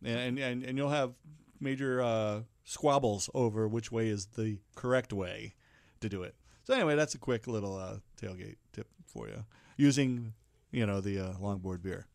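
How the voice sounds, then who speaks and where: A man's voice: on the low side, moderate pace, vocal fry, darkish tone, no echo, clean studio sound. A man hosting a casual radio talk show, teasing callers playfully and laughing often between his lines. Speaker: radio show host and chef. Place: radio studio.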